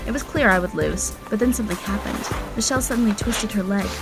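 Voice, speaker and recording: A woman's voice: mid-range voice, fast. A woman narrating a dramatic first-person storytime. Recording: music playing behind.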